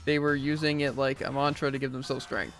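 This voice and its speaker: A man's voice: medium pitch, level tone, a little fast, a bit bright, soft background music. A man streaming a visual novel, reading every character's dialogue aloud himself and adding jokey asides. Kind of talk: let's play, reading game dialogue aloud.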